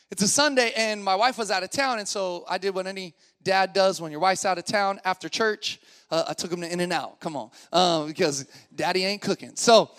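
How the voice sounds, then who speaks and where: A man in his thirties, a pastor, preaching a sermon in a casual, slangy style that moves from relaxed storytelling into emphatic preaching. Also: high voice.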